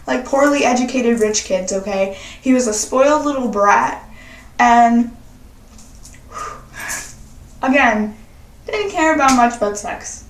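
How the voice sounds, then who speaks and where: Sassy, slow-talking young woman in a roomy space. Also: on the high side. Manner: sassy and profane, chatty. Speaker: vlogger. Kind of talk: casual confessional chat. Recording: roomy echo, distant from mic.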